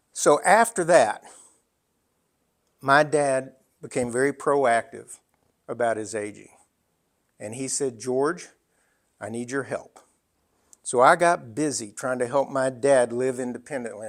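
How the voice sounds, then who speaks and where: A man in his sixties giving an emphatic storytelling talk, full of dramatic pauses. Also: medium pitch. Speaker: speaker.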